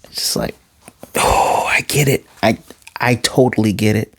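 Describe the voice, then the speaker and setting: Animated male anime reviewer, dry sound. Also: on the low side, a little slow, no room sound. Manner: animated, jumps into quoted character voices. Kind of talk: casual episode recap.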